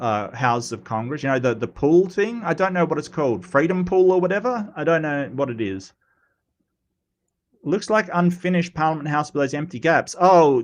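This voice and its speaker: A male livestream host with a voice on the high side gives casual commentary, reading the chat aloud. He is chatty and teasing, often repeating words and filling pauses.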